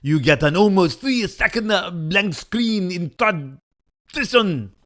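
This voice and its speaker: A man's voice: sits high, animated, measured pace, fairly bright tone, voice pushed up. A man putting on an exaggerated mock French accent to voice a fussy male gamer complaining about a game. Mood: whiny.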